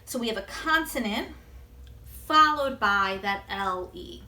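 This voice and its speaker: A woman teacher giving a video word-study lesson to young children, gently encouraging them and pausing for answers. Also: medium pitch, expressive, roomy sound.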